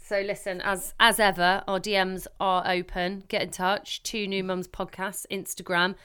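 A young woman co-hosting a podcast, chatting casually with jokey, quick asides. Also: medium pitch, level tone, fairly bright tone, clear, resonant tone. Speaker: podcast co-host. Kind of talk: casual chat.

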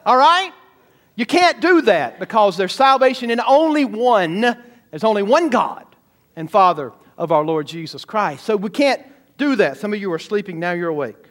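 A man preaching a sermon as pastor, animated and talking straight to the congregation. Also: high voice, moderate pace. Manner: animated preaching, sudden shouts and asides to the congregation.

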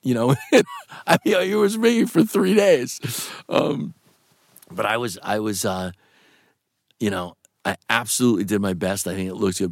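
Animated male guest, wide-ranging pitch, dry close sound, rambling and profane. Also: moderate pace, gravelly, no room sound. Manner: animated, rambling, swears, laughs often. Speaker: actor guest. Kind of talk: interview storytelling.

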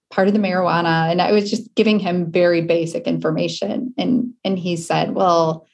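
Earnest low-voiced woman telling her story. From Wisconsin. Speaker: guest. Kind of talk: personal interview.

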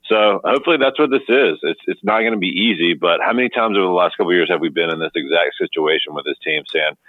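A man with a very deep voice talks through sports analysis at a rapid clip, loose and full of fillers. He comes through a tinny phone line with a dry sound. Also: no room sound. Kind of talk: casual sports analysis chat.

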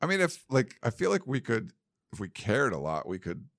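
A man's voice: mid-range voice, big pitch swings, a little fast, a bit bright, dry recording, studio quality. A man co-hosting a podcast in casual chat, rambling and laughing easily. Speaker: podcast co-host.

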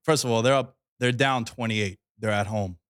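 A man's voice: fairly low pitch, normal speed, fairly bright tone, no echo, clean studio sound. A man co-hosting a casual sports chat, loose and slangy in his talk. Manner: loose and slangy, says yo, dude, bro. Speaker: co-host.

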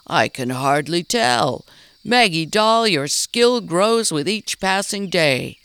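A woman voicing a kindly, formal stuffed-bear mayor in a measured, courteous manner. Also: on the low side, lively intonation, gravelly, a bit bright, smooth, dry recording, exaggerated voice.

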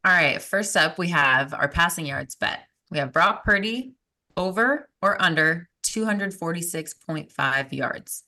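A woman's voice: lowish voice, lively intonation, a little slow, sharp tone. A woman co-hosting a casual podcast, teasing the others and reading out betting lines. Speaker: podcast co-host.

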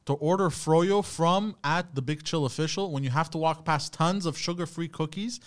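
A man's voice: a little high, normal speed. A man co-hosting a podcast in a hesitant, mumbling casual chat. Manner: mumbling, hesitant, says bro. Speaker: podcast co-host.

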